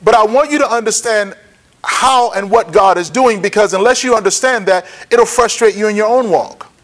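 A man teaching a Bible lesson, often checking that listeners follow and repeating key points slowly for notes. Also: high voice, a bit bright. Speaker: preacher.

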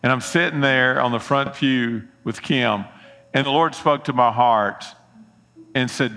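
Bright-voiced pastor preaching. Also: male voice, mid-range voice, a little slow. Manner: folksy storytelling, earnest appeals. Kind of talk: sermon with personal story.

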